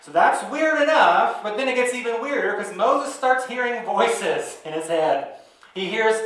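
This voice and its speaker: A man preaching a sermon as pastor, talking in a conversational, animated storytelling way. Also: high-pitched. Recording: echoey room, mic from a distance.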